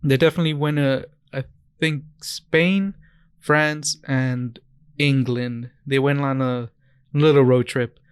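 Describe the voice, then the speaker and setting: A young man from the States chats on a podcast, wandering through anecdotes and restarting his sentences as he goes. His voice sounds smooth and clear. The mic is close and dry, with no room sound. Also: mid-range voice, steady tone, takes it slowly, no room sound. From United States. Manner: rambling storyteller, restarts often. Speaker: podcast co-host. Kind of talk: casual chat.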